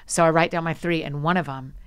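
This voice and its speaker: A woman guest on a podcast, chatting casually and telling stories with animated energy and quick asides. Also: sits low, smooth. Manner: frequent laughs and quick asides. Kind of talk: casual conversation.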